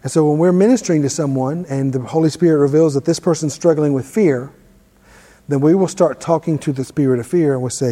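Warm-voiced man teaching in a reverberant hall. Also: fairly high pitch, a little fast. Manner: conversational, self-deprecating storyteller. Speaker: ministry teacher. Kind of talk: informal teaching with personal story.

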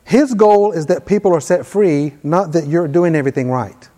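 A man's voice: fairly high pitch, normal speed, dark tone. A man preaching a sermon in a conversational way, reading scripture aloud with emphasis in a church hall. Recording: long hall reverb.

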